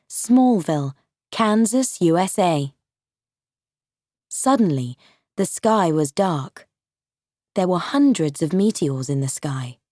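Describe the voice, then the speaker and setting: A woman narrating an audiobook for English learners, slow, clear and carefully paced. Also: fairly low pitch, a little mellow, dry recording, clean studio sound. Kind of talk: scripted narration of a graded reader.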